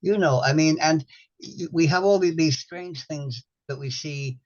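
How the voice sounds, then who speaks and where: A man's voice: a little high, unhurried. Man, older, rambling, wry, repeats words, dull lo-fi recording. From Ireland. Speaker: host. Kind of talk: casual chat. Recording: dull lo-fi sound.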